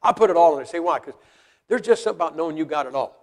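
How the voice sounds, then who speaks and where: In a church hall full of people, a man preaches in a blunt, folksy manner and keeps firing rhetorical questions at the congregation. His voice is on the high side, with lively intonation and a racing pace. A large hall's long reverb surrounds him.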